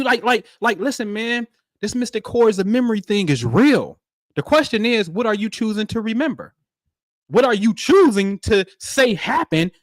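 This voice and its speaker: High-voiced man preaching in slang. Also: no room sound, clean studio sound. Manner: animated, preachy, streetwise slang with profanity. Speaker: livestream host. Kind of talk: spiritual livestream talk.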